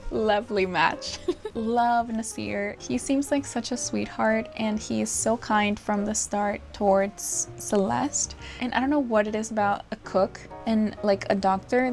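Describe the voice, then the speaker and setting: A young woman chatting about a book she loved, animated and gushing, with frequent laughs and the odd swear. Her voice sits a little high and has a gravelly, fry-tinged edge. Soft music plays faintly underneath. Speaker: book vlogger. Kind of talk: casual chat.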